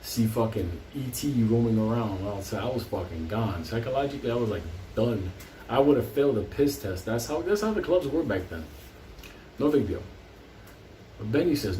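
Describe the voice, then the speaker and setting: A man's voice: mid-range voice, expressive, normal speed, mellow, slight background noise. A man telling a long comic story from his life, rambling and swearing constantly. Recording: roomy, distant mic.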